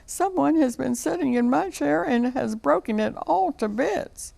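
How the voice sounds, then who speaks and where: Woman doing a squeaky, plaintive baby bear. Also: expressive, measured pace, creaky, warm tone, full character voice. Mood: upset. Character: small whiny little baby bear.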